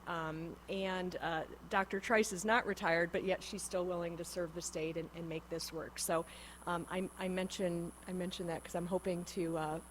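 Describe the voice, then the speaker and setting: A woman with a lower voice introduces a nominee to a committee. She talks conversationally, with plenty of fillers and small restarts. A faint hum runs behind her. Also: low-quality recording. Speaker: state senator introducing a nominee. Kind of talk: formal remarks. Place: legislative hearing room.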